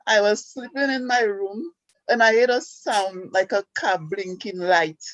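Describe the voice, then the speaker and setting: A woman from Saint Lucia with a Saint Lucian accent, calling in and telling her story in an excited, chatty way with lots of fillers. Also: mid-range voice, unhurried, no echo, muffled recording. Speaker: caller. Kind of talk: casual call-in chat.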